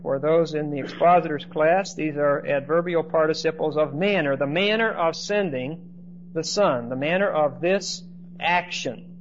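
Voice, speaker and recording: A man's voice: fairly high pitch, measured pace. A man teaching a Bible class in lecture style, often checking in with his listeners by asking "okay?". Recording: dull lo-fi recording with faint noise.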